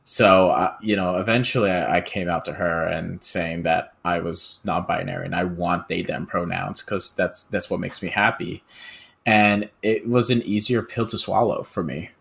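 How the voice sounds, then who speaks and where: A podcast speaker with a very low, gravelly voice full of vocal fry. He talks haltingly and reflectively, leaning on "you know" as he thinks aloud. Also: fairly even intonation, a bit bright. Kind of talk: casual podcast conversation.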